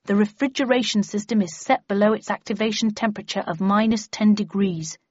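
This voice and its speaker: A woman's voice: mid-range voice, fairly quick, a little mellow, no room sound, natural voice. A woman voicing an earnest, fussy young male lab scientist who explains things carefully and matter-of-factly. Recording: slightly muffled lo-fi recording.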